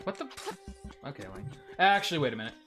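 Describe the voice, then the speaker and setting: Excitable, profane man gaming. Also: a little high, faint music behind. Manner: profane, excitable, quick to exclaim and laugh. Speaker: co-host playing a video game. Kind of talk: casual gameplay chat.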